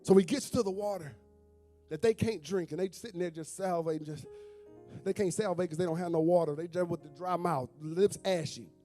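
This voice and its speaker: A man's voice: high voice, a little fast, mellow. A male preacher, delivering a sermon in a church sanctuary. He calls out to the congregation and breaks into sung, whooping lines over faint instrument music. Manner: call-and-response preaching with sung, whooping phrases. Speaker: pastor.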